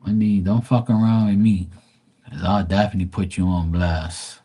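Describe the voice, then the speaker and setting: A man with a somewhat low voice talks loosely to his live-stream viewers. He is crude and boastful, and he rambles along with plenty of "like" and "you know." It is unscripted, casual chat. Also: fairly even intonation, normal speed, warm tone, husky.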